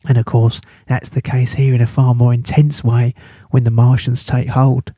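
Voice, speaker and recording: A man's voice: mid-range voice, flat delivery, normal speed, mellow, no echo. A man teaching a casual study-guide lesson, chatty and playful, with jokey asides. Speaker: English literature teacher.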